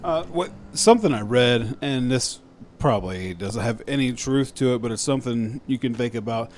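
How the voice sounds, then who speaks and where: A man's voice: medium pitch, moderate pace. A man co-hosting a horror movie review podcast, teasing his co-hosts enthusiastically and reading from his notes. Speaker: podcast co-host. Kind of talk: casual movie review chat.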